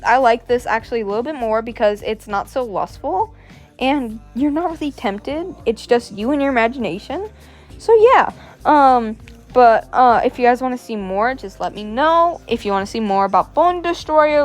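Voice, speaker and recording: A woman hosting a casual reaction vlog, excitable and exasperated, talking with plenty of slang. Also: on the high side. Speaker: host. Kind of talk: casual reaction vlog, reading a story aloud.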